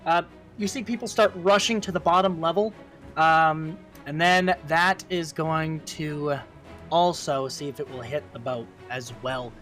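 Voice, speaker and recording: A man's voice: fairly high pitch, steady tone, measured pace, a bit bright, soft background music. A man narrating a tabletop role-playing game as game master, casual, with fillers and sound effects.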